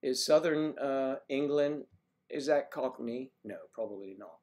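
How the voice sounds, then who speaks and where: An older man from the East Coast hosts a live stream, chatting in a loose, rambling way. He reads viewer comments aloud and answers them by name. His voice sits at a middle pitch for a man. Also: a little slow, darkish tone. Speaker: livestream host. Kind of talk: casual livestream chat reading viewer comments.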